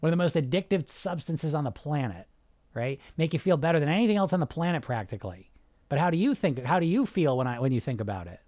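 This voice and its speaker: A man's voice: a little high, very animated, fast talker, a little mellow, no echo. A man coaching a group on weight loss, blunt and emphatic, sometimes swearing, who keeps asking rhetorical questions.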